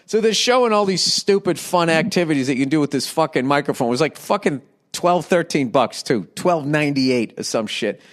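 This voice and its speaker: A middle-aged man rants through a profane, wandering comedic monologue, talking close to a studio microphone at home. His voice sits a bit higher than most men's, and he keeps breaking into silly voices. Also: animated. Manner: profane, rambling, quick to jump into silly voices. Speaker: podcast host. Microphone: studio microphone with windscreen.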